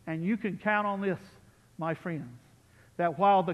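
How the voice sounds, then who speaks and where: A man preaching as pastor, building to loud peaks on key lines and dropping to soft, quiet asides. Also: sits high, moderate pace, long reverb tail, dull audio. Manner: impassioned, rises loud on key phrases, drops to soft asides. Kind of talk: sermon. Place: church sanctuary.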